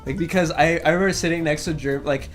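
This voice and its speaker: A man's voice: fairly high pitch, steady tone, quick pace. A young man co-hosting a casual podcast, rambling playfully and laughing often. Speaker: podcast co-host. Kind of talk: casual chat. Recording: faint guitar music behind.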